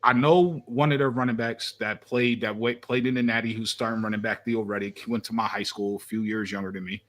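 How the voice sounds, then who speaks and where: A man's voice: fairly low pitch, fairly even intonation, fairly quick, fairly bright tone. A young man co-hosting a sports podcast, speaking in a brash, emphatic, trash-talking way. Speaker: podcast co-host. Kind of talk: casual sports chat.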